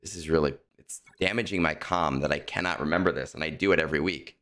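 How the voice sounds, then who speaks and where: A man with a deep, low voice talks casually through a game stream, muttering and second-guessing himself as he plays. His tone is relaxed and conversational, like he is chatting with regulars. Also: quick pace. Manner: muttering to himself, self-correcting. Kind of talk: casual livestream chat while playing.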